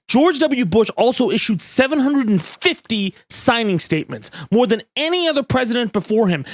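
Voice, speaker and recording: A man's voice: very high-pitched, no room sound, clean studio sound. A young man hosting ranting political commentary, profane and sarcastic, swinging between heated outbursts and mocking asides.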